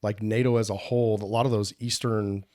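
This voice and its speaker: A man's voice: on the low side, level tone, fairly quick, a little mellow, no room sound, clean studio sound. A man hosting a podcast, asking his guest easygoing questions. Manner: easygoing questions, says "you know" often. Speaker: podcast host. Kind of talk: casual interview.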